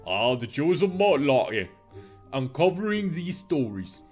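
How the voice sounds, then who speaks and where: A man's voice: on the high side, sing-song, a little slow, a little mellow, faint music behind, pitched above the performer's own voice. A man with a cold voicing an eager young British treasure-hunting friend in a faltering put-on British accent. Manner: upbeat, enthusiastic. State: has a cold.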